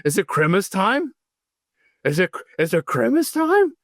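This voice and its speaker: Man putting on a high, eager old dog voice; excitable, keeps asking the same thing. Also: measured pace, dry recording, clean studio sound, full character voice. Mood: excited. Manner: eager, repeating the same question.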